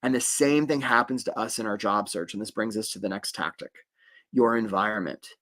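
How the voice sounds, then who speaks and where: A middle-aged man, a career coach, teaching a live webinar in a lively, conversational way with frequent "right?" checks. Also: lowish voice, brisk. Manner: animated, conversational, many "right?" tags.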